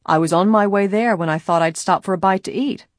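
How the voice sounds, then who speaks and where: A woman's voice: medium pitch, a little fast, no echo, studio quality, close to an everyday voice. A woman reading an audiobook, voicing a blunt, confident young man. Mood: blunt firm. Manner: blunt, assertive. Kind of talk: audiobook character voice.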